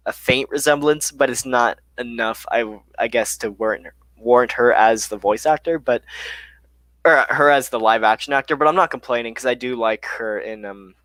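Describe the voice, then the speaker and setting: A young man with a middle-pitched voice hosts a casual live-stream Q&A, reading chat messages aloud and answering with loose, filler-heavy chatter. The sound is dry and close, with no room around it. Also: normal speed, no echo. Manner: reads chat questions aloud, relaxed and chatty with many fillers.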